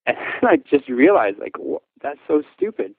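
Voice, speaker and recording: A man from Newfoundland, Canada, recounting a frightening memory in casual speech, halting often with restarts and fillers. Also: fairly high pitch, big pitch swings, husky, dry recording, phone-quality sound. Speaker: schoolteacher telling his story. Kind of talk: casual spoken recollection.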